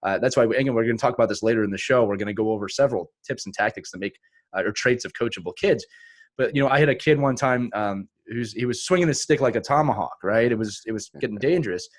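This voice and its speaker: A man hosting a podcast with a rapid, animated delivery at an ordinary pitch. He is a youth hockey coach who tells stories with energy and easy laughter. The talk is loose and conversational. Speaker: podcast host. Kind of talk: casual podcast discussion.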